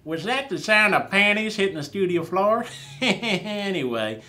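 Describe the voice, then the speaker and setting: A man's voice: high voice, sing-song, measured pace, sharp tone, full character voice. A man voicing a lewd, flirting wooden puppet man who cracks crude puns. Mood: leering. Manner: smarmy, punning, laughs at own jokes. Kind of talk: sketch character.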